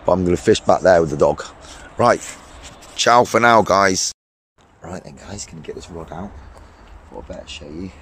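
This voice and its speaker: A man with a hoarse voice from a cold, chatting casually and cheerfully into a handheld camera beside a small overgrown lake. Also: sits low, normal speed, long pauses, a little hiss or hum. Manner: upbeat, rambling, laughs often. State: hoarse, losing his voice from a cold. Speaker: fishing vlogger.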